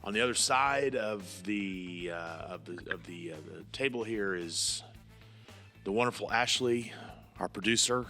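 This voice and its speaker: Deep-voiced rambling male podcast host. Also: measured pace, pushed and bright, faint music behind. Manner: rambling, repeats words and restarts. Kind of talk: casual podcast chat. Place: studio lounge.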